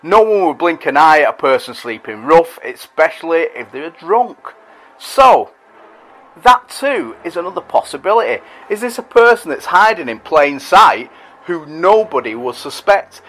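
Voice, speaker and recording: A man's voice: a little high, big pitch swings, moderate pace, a bit bright. A middle-aged man who hosts a podcast and reads out listener messages in a chatty, rambling, self-deprecating way. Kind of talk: casual monologue.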